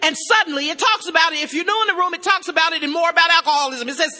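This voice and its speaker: A woman giving a personal testimony to a live audience, emphatic and joking, sometimes shouting. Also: very high voice, quick pace, few pauses. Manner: emphatic, joking and shouting between earnest passages. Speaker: speaker at a recovery meeting. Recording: reverberant hall, live amplified talk.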